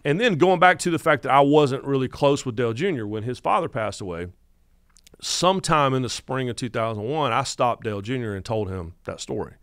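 Male, 50s, North Carolina Southern accent, animated podcast storyteller, dry studio sound. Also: medium pitch, fairly quick, no echo. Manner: animated storyteller who acts out quotes. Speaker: guest podcast host.

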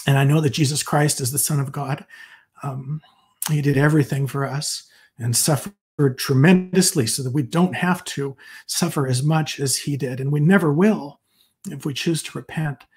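A man with a slightly raised, husky voice gives a devotional fireside talk. He speaks earnestly and warmly about faith, slipping in casual asides and a favorite anecdote. He sounds like a psychologist sharing his testimony with his audience. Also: a little high, moderate pace.

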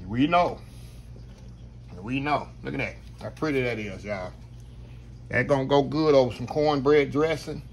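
A man's voice: mid-range voice, measured pace, pauses often, slight background noise. A man hosting a casual cooking demonstration, folksy and talking straight to his viewers. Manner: folksy, talks straight to viewers, says y'all constantly. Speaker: cooking show host.

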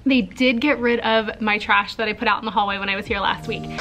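A woman's voice: mid-range voice, steady tone, fairly quick, over loud music, rough recording. A young woman teacher chatting casually to camera for her vlog, upbeat and self-mocking, her nose sore and stuffy after surgery. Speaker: teacher and vlogger.

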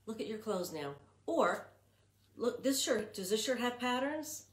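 A woman's voice: fairly high pitch, big pitch swings, unhurried, roomy sound. A woman librarian reading a picture book aloud to young children, chanting patterns in a sing-song and asking them questions.

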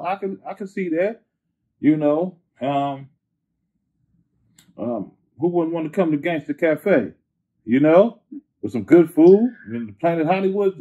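A husky man telling stories in a loose, slangy drawl, often tossing in "you know what I'm saying". He sounds thin and boxy, as if heard over a phone line. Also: medium pitch. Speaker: interview guest, rapper. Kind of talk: casual interview storytelling. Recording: phone-like narrow band.

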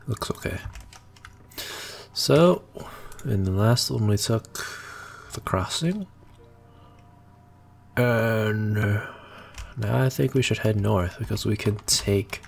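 Casual gaming host, male, deep and gravelly, slow and rambling. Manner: rambling, laughs often, thinks aloud. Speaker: gaming YouTuber. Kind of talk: casual gameplay commentary.

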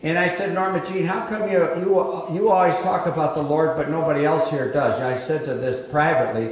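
A middle-aged man, a pastor preaching a sermon, rising to emphatic preaching with quick asides. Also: fairly high pitch. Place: church sanctuary. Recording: echoey hall.

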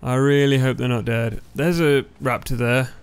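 A man commentating his own gameplay, excitable and yelling at setbacks, his voice going hoarse on a close, loud mic. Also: mid-range voice, moderate pace. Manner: excitable, yelling when dying in game. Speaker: gaming YouTuber. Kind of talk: let's play commentary. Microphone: close headset or desk mic, loud. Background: faint background music.

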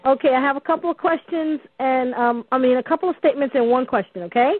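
A woman with a high, fast-talking voice phones into a radio show and tells a story in a chatty way, full of ums and restarts. The call line sounds dry and tinny.

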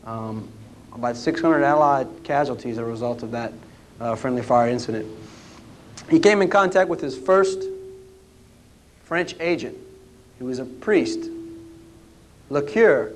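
Brief: man, historian, folksy storytelling lecture, middle pitch. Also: moderate pace, long pauses. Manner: folksy, anecdotal, with many "uh" restarts. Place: lecture room at a history roundtable.

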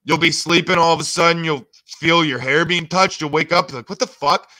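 A man's voice: fairly high pitch, fairly even intonation, moderate pace, sharp tone. A man hosting a reaction video, making crude, mocking asides about the clips. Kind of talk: casual reaction commentary.

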